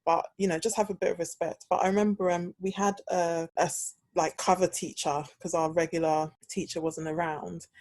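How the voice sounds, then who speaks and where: A woman's voice: fairly low pitch, little pitch movement, normal speed, hardly any pauses, a little mellow, dry recording. A young British woman hosting a podcast, telling a story in casual chat and acting out the quoted dialogue. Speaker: podcast host.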